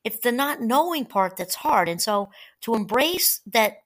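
A woman hosting a solo talk, speaking gently and conversationally, reading quotes aloud now and then. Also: a little high, lively intonation, measured pace. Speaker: podcast host. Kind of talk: reflective solo talk on fear and mindfulness.

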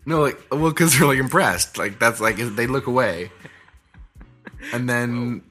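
A man's voice: medium pitch, measured pace, bright, forceful tone, husky, soft background music. A man hosting a casual podcast, rambling and laughing, filling his talk with "like" and restarts. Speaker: podcast host. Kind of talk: casual chat.

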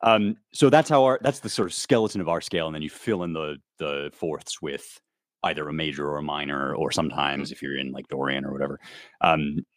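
In a clean studio recording with no echo, a rumbling low male voice talks briskly with fairly even intonation. He's a guest author from the United States in his thirties, chatting casually in an interview and often restarting or using fillers.

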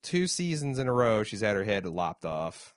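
A man's voice: lowish voice, big pitch swings, normal speed, dry recording, clean studio sound. Man joking through a TV show chat. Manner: jokey, reads listener mail aloud. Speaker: podcast co-host. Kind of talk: casual chat.

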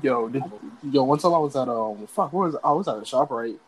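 A man's voice: medium pitch, quick pace, low-quality recording. A young man telling funny stories casually among friends, laughing often and acting out the people in them. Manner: animated, laughs often, acts out voices in stories.

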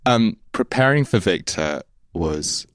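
Deep-voiced chatty host. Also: male voice, animated, slow pace, no room sound, studio quality. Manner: chatty, laughs often, swears casually. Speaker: podcast host, touring musician. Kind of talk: casual podcast conversation.

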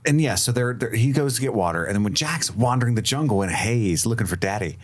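A man's voice: mid-range voice, expressive, quick pace. A man co-hosting a podcast, casually recapping a TV episode and joking in silly mock voices. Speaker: podcast co-host.

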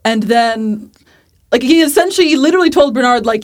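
Woman co-host, high-ish voice, keen and argumentative, dry booth sound. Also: a little fast, dry recording. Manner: eager, argumentative, retells scenes excitedly. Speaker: podcast co-host. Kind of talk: casual chat.

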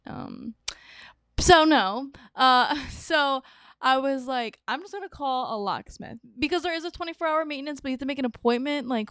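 A young adult woman hosts a podcast, her high-side voice clean and recorded with clean studio sound and no room sound. She tells a personal story casually and chattily, full of "like" and dramatic asides as she retells it.

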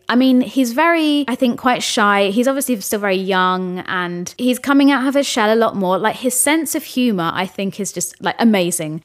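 Casting: young female podcast host, solo, chatty and excitable, laughs mid-sentence. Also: medium pitch. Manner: chatty, enthusiastic, laughs while talking. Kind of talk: casual solo podcast chat.

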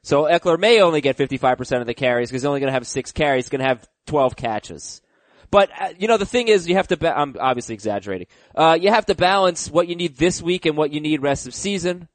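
A man's voice: fairly high pitch, expressive, fast talker, dry recording. A man hosting a fantasy football podcast, chatting casually, thinking aloud with fillers and joking asides. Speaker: podcast host. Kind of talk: casual sports chat.

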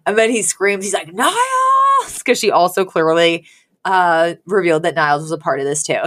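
A woman's voice: on the low side, steady tone, a little fast. A woman co-hosting a podcast, chatting casually and animatedly as she retells a sitcom episode and acts out the quotes. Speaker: podcast co-host.

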